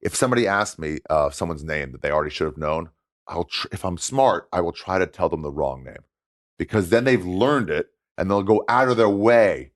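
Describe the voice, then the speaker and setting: A man telling a story in casual chat, animated and laughing often as he talks. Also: sits low, a little fast, dry recording, studio quality. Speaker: guest comedian.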